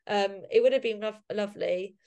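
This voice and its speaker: A woman's voice: medium pitch, normal speed, warm tone. A woman guest on a casual podcast interview, talking emotionally with many fillers and restarts. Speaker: podcast guest, society member.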